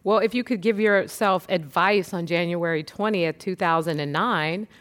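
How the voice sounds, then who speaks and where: Woman interviewer with a lowish voice. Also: normal speed, a bit bright.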